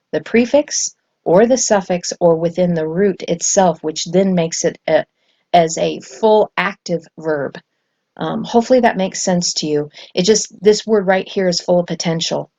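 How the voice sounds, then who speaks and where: A woman giving a spontaneous scripture lesson, earnest and excited, with frequent ums and self-corrections. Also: on the low side, normal speed. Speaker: spiritual teacher. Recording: dull lo-fi sound.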